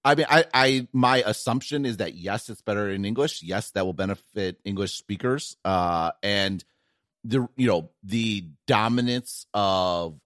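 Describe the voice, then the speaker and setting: A middle-aged man with a Wisconsin accent talks tech on a podcast, his fairly low voice jumping up when he gets going. He restarts often and tags his points with "right?" and "like". The sound is dry and close to the mic. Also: dry recording. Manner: animated, quick restarts and frequent "like" and "right?". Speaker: podcast co-host, tech analyst. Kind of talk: casual podcast chat.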